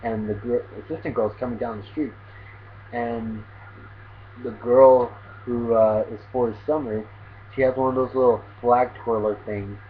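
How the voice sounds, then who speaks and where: A man's voice: medium pitch, fairly even intonation, unhurried. A man hosting his own anime review channel, retelling an episode in a casual, rambling way full of fillers. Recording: tinny phone-like audio, faint hiss.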